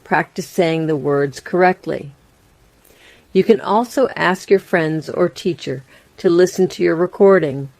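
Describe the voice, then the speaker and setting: A woman narrates a scripted English lesson in a slow, deliberate way, leaving room between phrases. Her voice is mellow and fairly low, and it sounds dry and close with no room around it. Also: no echo. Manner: slow, plain and carefully spaced. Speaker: English teacher.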